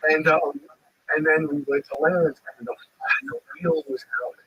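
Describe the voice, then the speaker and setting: A man in casual chat, retelling a story in an animated way, swearing freely and acting out what others said. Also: on the high side, normal speed, slightly rough, no echo, lo-fi sound. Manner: animated, swearing, acts out quotes. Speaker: livestream host.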